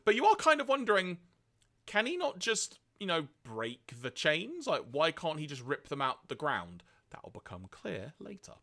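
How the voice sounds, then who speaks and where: A man co-hosting a podcast, retelling episodes in a lively way and acting out quoted lines. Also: moderate pace, vocal fry. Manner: lively storytelling, acts out quoted lines in high voices. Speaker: podcast co-host. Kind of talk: casual podcast recap.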